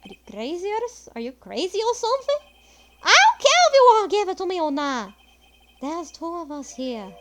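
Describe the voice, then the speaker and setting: Woman doing a growling male loan shark, high and loud, swings wildly, faint game music. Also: sing-song, brisk, background noise. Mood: menacing. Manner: snarling, threatening, swearing.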